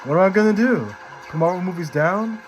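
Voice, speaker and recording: A man's voice: high-pitched, lively intonation, brisk, poor audio. A man doing an offbeat, drawling impression of a famous male movie actor while reading the actor's quotes. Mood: quirky, wry. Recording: clear background music.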